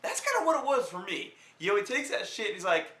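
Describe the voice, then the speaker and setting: Young male vlogger, high bright voice, rambling profane jokey review, roomy echo. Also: huge pitch swings, fast talker. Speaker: film reviewer. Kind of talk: casual film review.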